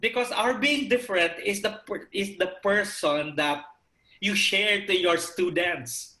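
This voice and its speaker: A man, a priest, speaking slowly and with emphasis. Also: sits high, bright, forceful tone, echoey room, low-quality recording.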